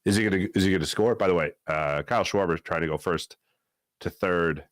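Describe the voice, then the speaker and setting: A middle-aged man hosting a live sports talk show, answering chat in a rambling, animated way. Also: fairly quick, dry recording, clean studio sound. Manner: animated, rambling, swings between low asides and loud bursts.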